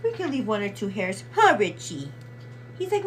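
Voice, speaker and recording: A woman's voice: medium pitch, wildly swooping pitch, fairly quick, a little hiss or hum. A woman in her thirties hosting a get-ready-with-me live stream, chatting to her viewers, calling them "girl" and thanking them by name as she gets ready at home. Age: 30s. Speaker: livestream host.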